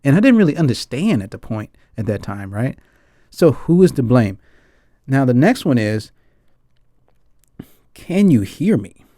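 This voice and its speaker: An American film discussion host chats in a casual, reflective way, earnest and rambling, often checking in with "right?" and "guys." His medium-pitched, warm voice is very animated yet unhurried, with long pauses, in studio-quality audio without room sound.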